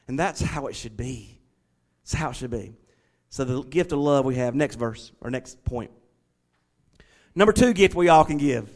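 A middle-aged man preaching a sermon, shifting from quiet, conversational storytelling to emphatic declarations. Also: medium pitch, animated, normal speed, long pauses. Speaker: pastor.

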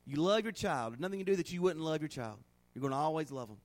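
A middle-aged man preaching a sermon in a folksy, animated way, acting out little scenes in a hushed voice. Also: on the high side, quick pace. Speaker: pastor.

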